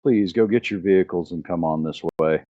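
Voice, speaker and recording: A courteous, commanding armored knight, voiced by a man running a tabletop game. He speaks formally in a very deep voice. The sound is muffled and lo-fi. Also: fairly quick, dark tone, lightly acted. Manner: polite, formal speech. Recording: muffled lo-fi audio.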